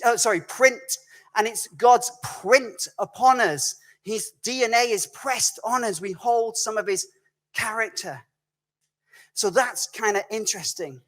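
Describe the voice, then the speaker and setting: Man telling a storytelling sermon. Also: high-pitched. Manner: conversational, animated storytelling with self-corrections. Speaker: guest preacher. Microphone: recorded video message.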